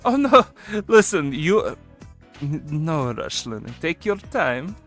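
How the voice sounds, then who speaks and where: A man chats on a live stream in a slightly high put-on character voice. He laughs a lot, swears freely and keeps things loose. Faint game music plays behind him. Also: big pitch swings, slow pace, a bit bright. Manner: talks in a put-on character voice he uses for his persona. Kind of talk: casual live-stream chat.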